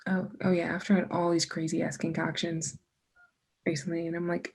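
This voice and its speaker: A young woman chats casually as a podcast guest, swearing freely as she tells animated stories. Her voice is gravelly, husky and dark. She sounds mellow rather than bright. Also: on the low side, fairly quick. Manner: animated, profane storyteller. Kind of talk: casual chat.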